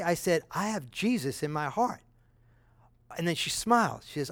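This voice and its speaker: A middle-aged man preaching a sermon as pastor, conversational and animated when he tells a story. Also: a little high, normal speed, no echo.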